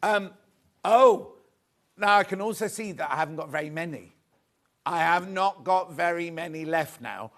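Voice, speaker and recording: A man's voice: a little high, normal speed, fairly bright tone. A man presenting a live sewing sales show, chatty and rambling, grumbling good-naturedly at himself. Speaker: shopping channel presenter.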